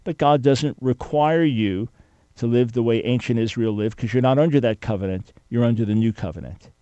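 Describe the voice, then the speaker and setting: An emphatic male radio host who talks a caller through his points with earnest, steady conviction. His voice is warm and mellow, and it is recorded dry and close with no room sound. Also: mid-range voice, normal speed, no room sound, muffled recording. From Jewish follower of Jesus. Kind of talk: call-in radio talk.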